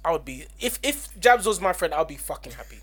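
A man's voice: on the high side, big pitch swings, a little fast, a bit bright. A man, co-hosting a podcast in blunt, rambling casual chat. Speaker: podcast co-host.

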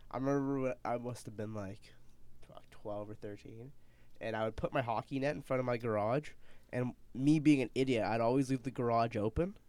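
A man's voice: medium pitch, brisk, darkish tone, no echo. A young man with a Canadian accent, co-hosting a podcast and telling stories loosely, swearing and saying "like" a lot. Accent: Canadian English. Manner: loose, swearing storyteller, lots of "like". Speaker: podcast co-host. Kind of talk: casual chat.

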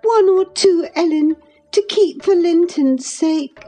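A woman's voice: takes it slowly, mellow, faint music behind. A woman voicing a sobbing, pleading young girl. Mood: begging. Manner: high, breathless sobbing pleas. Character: distraught teenage girl, pleading and tearful.

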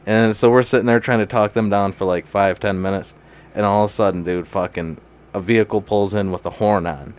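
A young man with a fairly low voice tells a story in loose, casual chat. He laughs a lot, swears freely and keeps throwing in "dude." He speaks as a guest catching up with a friend. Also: fairly even intonation, a little fast, darkish tone, smooth.

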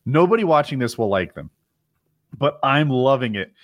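A man's voice: medium pitch, big pitch swings, normal speed, no echo. A man in casual chat who rambles, swears and laughs often, acting as a podcast co-host.

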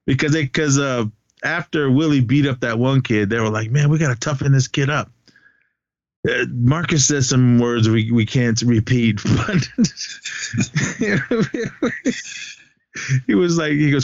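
A man's voice: a little high, unhurried, vocal fry, dry recording. A man recaps a film for his co-host in a loose, rambling way. He laughs often and acts out the characters' lines as he goes. The sound is dry and a bit dull. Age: adult, has a son. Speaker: podcast co-host. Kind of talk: casual movie recap chat.

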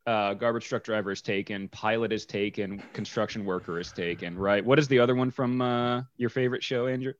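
A man co-hosting a casual podcast chat, joking and playfully teasing his co-host. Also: fairly low pitch. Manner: playful teasing, quick jokes. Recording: dull lo-fi sound.

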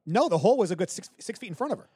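A man's voice: high voice, rapid-fire, slightly rough, no room sound, clean studio sound. A man on a film podcast talking casually and emphatically about his reactions. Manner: animated, tells reactions with emphatic repeats. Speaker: podcast co-host. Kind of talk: casual chat.

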